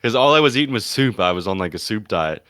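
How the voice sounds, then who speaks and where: Smooth-voiced man telling crude stories. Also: fairly low pitch, expressive, fast, a bit bright, no echo, studio quality. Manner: profane, blunt, says "dude" and "like" a lot. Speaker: comedy podcast co-host. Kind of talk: crude casual chat.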